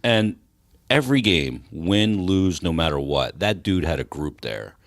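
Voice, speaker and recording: Blunt, very low-voiced man. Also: lively intonation, unhurried, dry recording, studio quality. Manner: blunt and profane, emphatic. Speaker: podcast co-host. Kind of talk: casual hockey talk.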